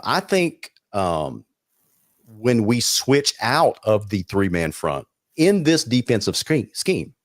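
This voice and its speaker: A man co-hosting a casual sports talk show, measured and playful. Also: medium pitch, dry recording, studio quality.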